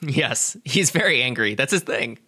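A podcast co-host in casual banter, coaching the other host with quick asides and laughter. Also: mid-range voice, expressive, very noisy. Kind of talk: casual banter, directing the read.

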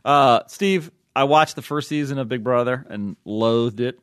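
A man's voice: medium pitch, a little slow, smooth, dry recording, studio quality. A man hosting a podcast in casual chat, rambling and joking with many restarts. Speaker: podcast host.

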